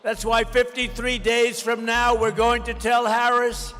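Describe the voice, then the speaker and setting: Forceful man giving a shouted rally speech. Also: extremely high pitch, completely flat delivery, a little slow. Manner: emphatic, repetitive, often shouting. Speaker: political candidate. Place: large rally venue. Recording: long hall reverb with faint music.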